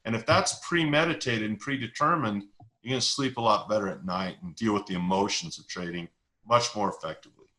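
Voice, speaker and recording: Bright-voiced man explaining investing. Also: lowish voice, a little fast, rough recording. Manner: explains with analogies and stories, repeats key words. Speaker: investing educator, interview guest. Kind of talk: conversational explanation.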